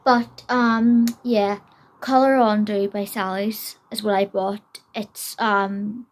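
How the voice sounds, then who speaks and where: A woman's voice: mid-range voice, steady tone, slow. A young woman, chatting casually at home in a rambling beauty vlog. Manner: rambling, self-deprecating, many fillers. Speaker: beauty vlogger.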